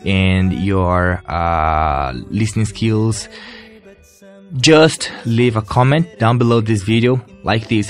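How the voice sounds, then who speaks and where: Slow, low-voiced Brazilian man podcasting. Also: soft background music. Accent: Brazilian Portuguese. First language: Portuguese. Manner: hesitant, many fillers and restarts, laughs softly. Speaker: podcast host, English learner. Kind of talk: casual solo podcast. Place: at home.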